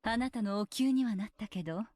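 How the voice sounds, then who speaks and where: A woman voicing a calm, gently scolding witch teacher. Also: medium pitch, racing, slight background noise, natural voice. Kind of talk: Japanese visual novel voice acting. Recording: game audio with clear music.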